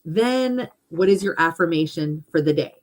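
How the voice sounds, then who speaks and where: A woman's voice: sits low, lively intonation, moderate pace, poor audio. A middle-aged woman chatting casually and animatedly about affirmations and self-love, with lots of fillers. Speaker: host, hypnotherapist.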